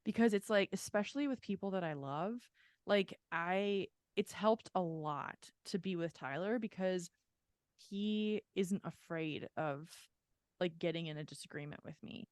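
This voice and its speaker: A woman's voice: on the low side, unhurried, a little mellow, clean tone, dry recording, clean studio sound. A woman co-hosting a podcast in casual chat, talking candidly and at length, full of "like" fillers and frequent swearing. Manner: candid, rambling, heavy "like" filler, swears freely. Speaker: podcast co-host.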